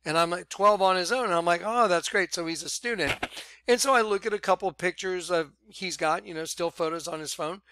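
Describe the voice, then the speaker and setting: A man casually telling a personal story to his viewers, animated and full of "I'm like" retellings. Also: sits high, fairly quick, noisy background. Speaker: vlogger.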